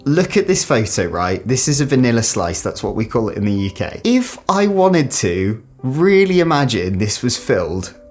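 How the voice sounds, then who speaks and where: A man's voice: medium pitch, normal speed. Chatty British man vlogging. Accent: British English. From England. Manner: chatty, jokey, animated storytelling. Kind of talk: casual chat to camera. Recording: faint background music.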